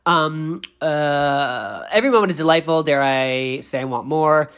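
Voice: medium pitch, measured pace, a bit bright, clear, resonant tone. A speaker from Boston with no regional accent, recapping commercials in a rambling comic monologue from a bathroom, digressing and tripping over words.

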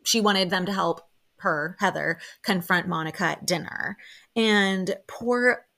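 A young woman hosting a podcast, chatting excitedly about a show with lots of fillers and quick quoted reactions. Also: fairly low pitch, creaky. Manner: chatty, excitable, lots of "like" fillers, quoting people in lively bursts. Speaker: podcast host. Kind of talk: casual solo recap chat.

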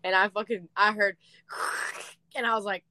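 A woman's voice: mid-range voice, fairly even intonation, measured pace, sharp tone, dry recording. A young adult woman co-hosting a podcast, who talks in slangy, profane casual chat and laughs often. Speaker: podcast co-host.

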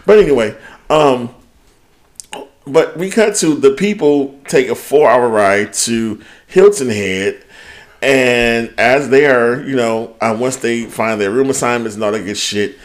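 A man's voice: mid-range voice, takes it slowly. A man co-hosting a podcast, recapping reality TV in casual chat, swearing freely and laughing often. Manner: profane, animated, laughs often. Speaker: podcast co-host.

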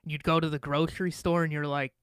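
A man's voice: a little high, flat delivery, quick pace, fairly bright tone, clean tone, dry recording. A man co-hosting a casual chat, telling anecdotes with jokes and casual swearing. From Pacific Northwest of the US.

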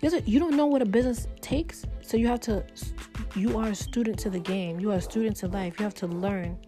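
A woman's voice: medium pitch, fast talker, music in the background. A woman vlogger giving casual motivational advice, emphatic and preachy, talking loosely with many fillers. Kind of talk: casual motivational talk to camera.

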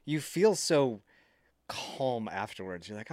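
A man's voice: mid-range voice, normal speed, no echo. Rambling laid-back guy on a call. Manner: rambling, loose, swears freely, laughs a lot. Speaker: podcast co-host and producer. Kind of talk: casual chat. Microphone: video call.

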